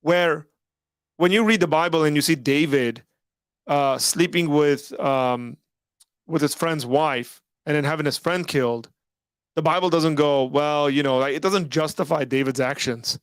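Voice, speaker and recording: Male stream host, gravelly and hoarse, dry close sound, rambling casual delivery. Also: fairly high pitch, fairly even intonation, a little slow, no room sound. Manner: rambling, filler-heavy, frequent "like" and "right?". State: losing his voice after hours of streaming. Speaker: host of a live call-in stream. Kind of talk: casual livestream talk.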